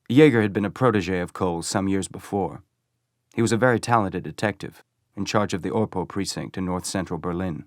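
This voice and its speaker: A man reading an audiobook in a low, steady voice. The narration is even and unhurried. The sound is dry and close, with no room around it. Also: dry recording.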